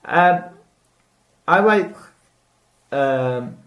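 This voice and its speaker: A man's voice: on the high side, expressive, drawn-out words, fairly bright tone. A man co-hosting a podcast, talking casually with a rambling, hesitant delivery and many fillers. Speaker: podcast co-host. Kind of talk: casual chat. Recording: echoey room.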